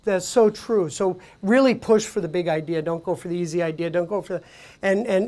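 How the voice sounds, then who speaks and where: Woman giving a conversational conference talk. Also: lowish voice. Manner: conversational, animated storytelling with frequent fillers. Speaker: conference presenter. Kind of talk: conference presentation. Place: conference venue.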